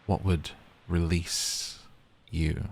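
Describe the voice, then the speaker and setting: Gaming host, male; lowish voice, chatty, playful. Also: little pitch movement, extremely slow, a little mellow, a little hiss or hum. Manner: chatty and playful, teasing the characters. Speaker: gaming YouTuber. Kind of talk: casual game commentary.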